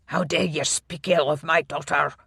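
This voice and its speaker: An audiobook narrator voicing a gruff older Highland laird with a Scottish accent, blustering and defensive. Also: steady tone, normal speed, fairly bright tone, no room sound, clean studio sound, exaggerated voice. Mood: indignant.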